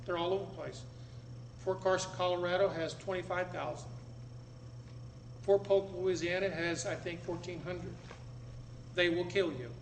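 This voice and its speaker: Man, American, lecture to an audience, blunt, dramatic, high voice, echoey room, faint background noise. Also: steady tone, moderate pace, vocal fry, long pauses. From United States. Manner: blunt, dramatic, with sudden loud bursts. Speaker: public speaker.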